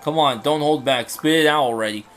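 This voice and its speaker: A man's voice: on the high side, brisk, a bit bright, natural voice. A man voicing a cheerful, childlike male fox spirit in a fan dub of game dialogue. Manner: bouncy, easily distracted, childlike.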